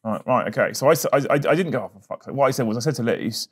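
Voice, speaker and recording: Fast-talking man host. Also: mid-range voice, husky. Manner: animated storytelling, swears casually. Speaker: podcast host. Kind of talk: casual chat.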